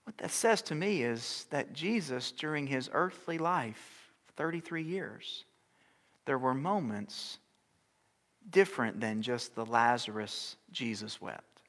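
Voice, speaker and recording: A middle-aged man preaching a sermon as pastor, shifting from loud, urgent exhortation down to soft, near-whispered lines. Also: mid-range voice, expressive, takes it slowly, creaky. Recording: long hall reverb.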